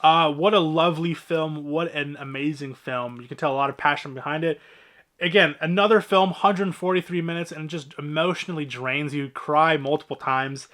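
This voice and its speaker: A man's voice: a little high, steady tone, normal speed, fairly bright tone. A man casually walking through his movie collection, talking in a rambling, offhand way with lots of fillers and the odd swear.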